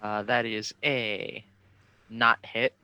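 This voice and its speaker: A man's voice: lowish voice, level tone, takes it slowly, bright, forceful tone, clear, resonant tone. A man playing in a tabletop game, giving a brief matter-of-fact turn. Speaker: player. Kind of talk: casual tabletop play.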